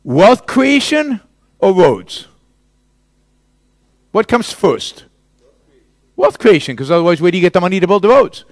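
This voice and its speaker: Animated man arguing at a lecture. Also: high-pitched, measured pace, pauses often, dry recording. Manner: emphatic, argumentative, rhetorical questions. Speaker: guest lecturer. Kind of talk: public lecture Q&A.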